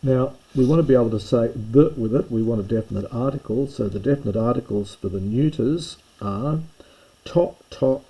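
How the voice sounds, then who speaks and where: A man's voice: medium pitch, brisk, hardly any pauses, dark tone, breathy edge, poor audio. A man giving a recorded grammar lesson, explaining step by step with small self-corrections. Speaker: Greek teacher.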